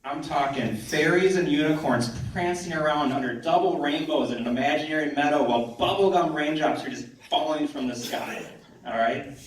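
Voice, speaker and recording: A man performing a stand-up comedy set on a theater stage, conversational with deadpan punchlines. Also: a little high, moderate pace. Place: theater stage, live audience. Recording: echoey hall from far off, audience noise.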